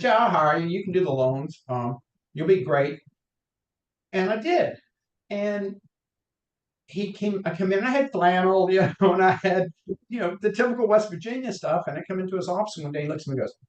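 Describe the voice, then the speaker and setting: A middle-aged man with a Southern accent, raised in North Carolina, speaks as a podcast guest. His voice sits a little high for a man and he drifts through anecdotes with frequent restarts. The room around him rings with a noticeable echo. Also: a little mellow, dull audio. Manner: rambling anecdotes with restarts, acts out quotes. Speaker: guest, mortgage lender. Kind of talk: podcast interview, career storytelling. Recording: roomy echo.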